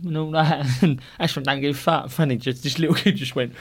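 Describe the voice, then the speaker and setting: A high-voiced man tells an anecdote with lots of laughter, voicing each character himself. Clicking noise sits clearly behind his voice. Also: fast. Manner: animated, laughs through his story, acts out others' lines. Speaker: podcast panelist telling a story. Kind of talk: casual anecdote telling.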